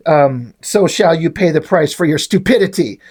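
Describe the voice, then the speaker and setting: Man putting on a male comic-book lizard monster, pompous, scornful, mock-grand, slightly lower voice. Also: expressive, moderate pace, darkish tone, breathy edge. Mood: pompous bickering.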